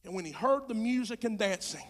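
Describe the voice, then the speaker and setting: A male pastor preaching a sermon with passion, dropping to a hush and then rising to shouts, in folksy Southern speech. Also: sits high, animated, a little fast. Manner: impassioned preaching, swinging from hushed to shouting. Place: church sanctuary.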